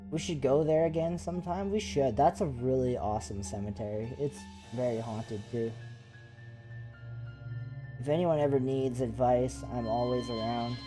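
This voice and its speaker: A man who hosts a paranormal investigation channel, telling ghost stories in a casual live chat with excited, rambling talk full of fillers. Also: mid-range voice, normal speed, over music. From Canada.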